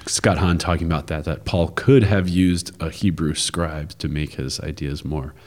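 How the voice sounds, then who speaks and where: Very deep-voiced wisecracking man. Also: fairly even intonation, darkish tone. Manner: wisecracking, quick asides. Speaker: podcast co-host. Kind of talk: casual chat.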